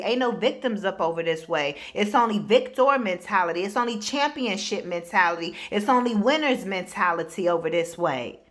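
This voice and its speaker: A woman's voice: on the high side, fairly bright tone. A woman speaking as a spiritual life coach, giving a casual motivational talk in a blunt, emphatic way, addressing the listener directly.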